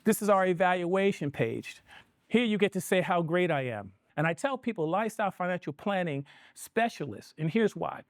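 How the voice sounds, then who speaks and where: A middle-aged man giving a live financial seminar in a conversational, energetic way, often asking the audience questions. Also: sits high, moderate pace, dry recording, studio quality. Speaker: financial planning presenter.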